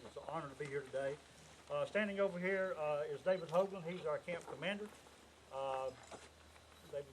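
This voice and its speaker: A man from Alabama delivers an earnest, emotional speech outdoors at a cemetery, his voice sitting a little high. Steady background noise from the open air runs under the camcorder recording. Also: poor audio. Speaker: speaker at a marker dedication.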